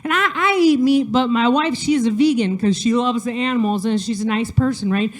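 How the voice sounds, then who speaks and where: A stand-up comedian performs a set remotely from a studio where no audience can be heard. Her slightly high voice moves briskly and chattily, full of self-deprecation, fillers and restarts.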